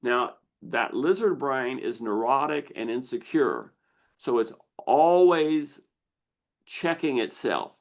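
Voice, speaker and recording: A man hosting a live online Q&A, explaining slowly and deliberately with pauses as he shares slides. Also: mid-range voice, big pitch swings. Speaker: misophonia researcher hosting a Q&A.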